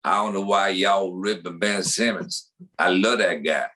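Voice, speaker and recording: A comedian puts on a retired male basketball star with a low, bright voice, talking in loose slang and dropping his verbs. He sounds relaxed and full of swagger. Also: measured pace. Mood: defensive.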